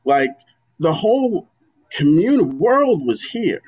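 A man's voice: a little high, sing-song, unhurried, a little mellow, breathy edge. A man from Brooklyn in a casual conversation, reminiscing about his neighborhood in short, list-like phrases. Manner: reminiscing, lists things in short bursts. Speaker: guest.

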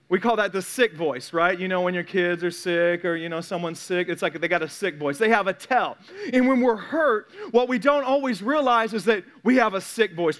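High-voiced man preaching a sermon. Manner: animated, repeats words, acts out quoted voices. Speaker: pastor.

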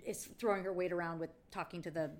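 A woman's voice: on the low side, steady tone, a loud crowd. A woman co-hosting a podcast, chatting casually about a film and adding jokes. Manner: chatty, quick to agree and add jokes. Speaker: podcast co-host.

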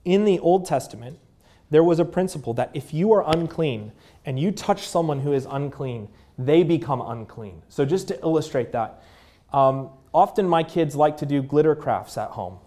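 A man in his thirties preaching a sermon in a conversational way, with fillers, dropping to a hushed voice at tender moments. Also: a little high, animated, moderate pace. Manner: drops to a hushed voice at moving moments. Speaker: pastor.

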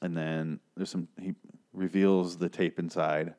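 A young man recapping a TV episode in a casual, rambling way. He swears freely, gets excitable and loses his train of thought. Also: low voice, measured pace. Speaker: podcast host recapping an episode.

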